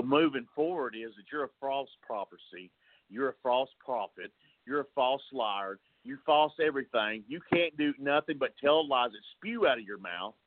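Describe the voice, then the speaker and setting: A man's voice: medium pitch, no echo. Taunting man on a tinny phone line. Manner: taunting, scornful. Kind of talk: wrestling promo trash talk.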